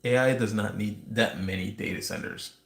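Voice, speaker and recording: A man's voice: on the low side, normal speed, a bit bright. A man hosting a livestream, talking in a rambling, conspiratorial monologue with restarts and wry asides. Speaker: livestream host. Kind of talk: casual ranting monologue. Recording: roomy echo.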